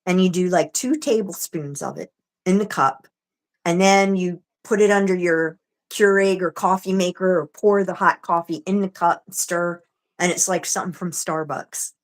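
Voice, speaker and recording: A woman's voice: on the low side, normal speed. A woman co-hosting a livestream, chatting casually and telling stories with restarts. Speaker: livestream co-host.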